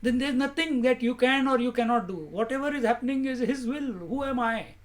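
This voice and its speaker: A man giving a spiritual discourse as a teacher, asking rhetorical questions in a measured, emphatic way. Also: extremely high pitch.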